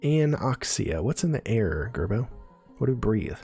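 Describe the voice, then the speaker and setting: A man's voice: fairly low pitch, big pitch swings, moderate pace, gravelly, warm tone, husky, faint music behind. A man giving a casual live-stream neuroscience lesson, explaining terms and checking in with viewers as he goes. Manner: chatty, explains terms with frequent "right?" and "okay?" check-ins.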